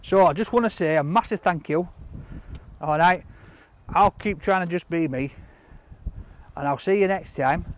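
Excitable high-voiced Yorkshire man vlogging. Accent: Hull, East Yorkshire. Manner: excitable, exclaiming often. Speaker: vlog host. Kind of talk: casual vlog chat.

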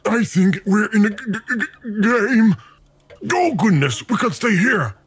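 A man's voice: medium pitch, very animated, moderate pace, a bit bright, husky, heavily acted. A man voicing an exasperated male game narrator who scolds the player. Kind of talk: game voice acting. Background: game music.

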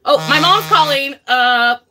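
A young woman chatting casually while she cooks for her vlog, loud, profane and dramatic, swinging between high outbursts and low mutters. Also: animated, unhurried, noisy background. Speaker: vlogger. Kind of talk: casual cooking vlog chat.

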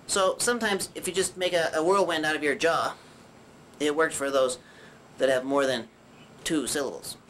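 A man voicing a chatty male puppet who teaches puppetry with jokes and rambling asides, often clearing his throat. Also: a little high, normal speed, long pauses, fairly bright tone, a little hiss or hum, lightly acted. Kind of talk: puppet demonstration lesson.

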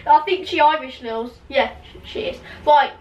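A young woman hosts a lighthearted quiz with a high, bright-sitting voice, chatting quickly and giggling. She sounds a little distant from the microphone. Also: dull audio. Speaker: channel host. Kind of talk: casual quiz chat.

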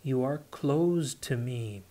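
A man's voice: mid-range voice, fairly even intonation, a little slow, darkish tone, natural voice. Man voicing a solemn young woman, grave, fearful, audiobook reading. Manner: solemn and heavy.

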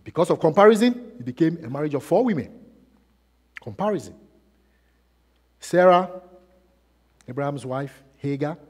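Male pastor preaching, slightly high voice, long church reverb, rhetorical questions, rises and drops in volume. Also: very animated, normal speed, long pauses, husky. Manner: preaching with rhetorical questions, swinging between loud and soft. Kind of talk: sermon.

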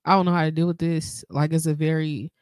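A woman co-hosting a podcast, talking haltingly and emotionally in a casual heartfelt conversation. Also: low voice, little pitch movement, a little mellow, no room sound. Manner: halting, emotional, fillers and restarts. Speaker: podcast co-host.

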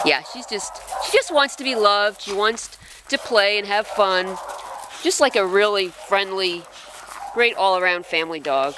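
A woman's voice: medium pitch, animated, a little slow, very noisy. A woman presenting an adoptable dog, gushing and switching into baby talk to coo at the dog, laughing often. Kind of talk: casual show-and-tell to camera.

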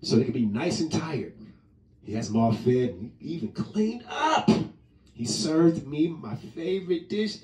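A man's voice: a little high, animated, unhurried, darkish tone. A man giving a casual comedic monologue from home, rambling, joking, laughing often and swearing casually. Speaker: vlogger. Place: indoors at home. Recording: roomy sound from a distant mic.

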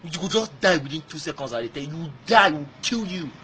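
A man's voice: on the high side, lively intonation, a little fast, fairly bright tone, slight background noise. A man from Nigeria with a Nigerian accent, ranting angrily in a video message, throwing insults and repeating himself while switching between Pidgin and English. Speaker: fan.

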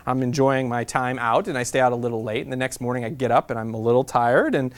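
A man in his thirties from Nebraska, telling a lively travel story as a guest speaker to a class, repeating a refrain and acting out the voices he quotes. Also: medium pitch, fast talker. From Nebraska, USA. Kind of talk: storytelling lecture to students.

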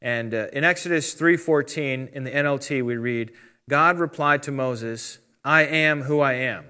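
A man with a bright, forceful voice of middling pitch gives a relaxed Bible lesson. He talks conversationally and walks through each point step by step, reading passages aloud as he goes. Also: moderate pace, smooth. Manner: conversational, explains step by step, reads out translations. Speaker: Bible teacher. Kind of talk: casual teaching talk.

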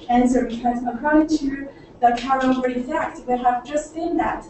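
A woman's voice: high voice, steady tone, normal speed, warm tone. Woman presenting in an echoey lecture room. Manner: hesitant, many fillers and restarts. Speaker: conference presenter. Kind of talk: academic talk presenting results. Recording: echoey room, far from the mic, noisy.

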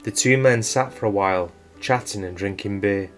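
A man with a fairly low voice reads a true-crime story in a measured, suspenseful way. Soft guitar music plays quietly behind him. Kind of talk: scripted true-crime narration. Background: faint guitar music.

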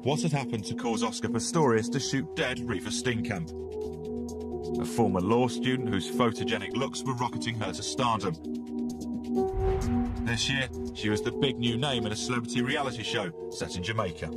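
A man narrating a documentary in a measured, sober scripted delivery. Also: mid-range voice. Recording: loud music bed underneath.

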